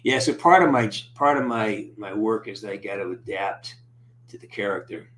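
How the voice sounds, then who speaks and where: A man's voice: lowish voice, normal speed, a bit bright. Upbeat man hosting a live stream. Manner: upbeat, greets viewers by name, rambling. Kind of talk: casual live-stream chat.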